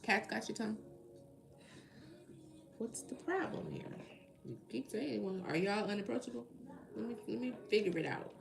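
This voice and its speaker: A woman's voice: fairly high pitch, animated, normal speed, gravelly, pauses often. A tired woman hosting a live tarot reading, chatting casually and rambling as she talks to her viewers. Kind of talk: casual live-stream chat.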